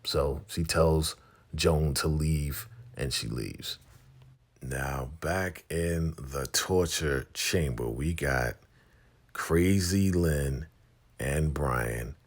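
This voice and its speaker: A man casually recapping a TV episode, telling the story in an animated way and acting out the scenes as he goes. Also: extremely low pitch, drawn-out words. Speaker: TV recap vlogger.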